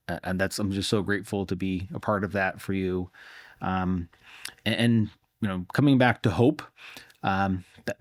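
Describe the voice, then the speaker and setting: A man's voice: low-pitched, no echo. A man, a physician and cancer researcher, giving an earnest, reflective answer in an interview, often doubling words as he starts a thought.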